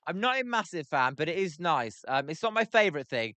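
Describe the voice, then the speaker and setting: A man's voice: very animated, fairly quick, pushed and bright, no room sound. Chatty British man calling baseball. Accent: British English. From Britain. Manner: chatty, filler-heavy, reads chat aloud between pitches. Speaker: livestream baseball commentator. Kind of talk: casual play-by-play livestream commentary.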